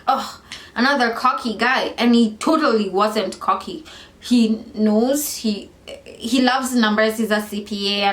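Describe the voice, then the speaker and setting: Chatty woman with a lively, rambling delivery. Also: a little high, echoey room. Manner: animated, rambling, self-correcting, lots of fillers. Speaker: vlogger reviewing a reality show. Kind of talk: casual chatty commentary.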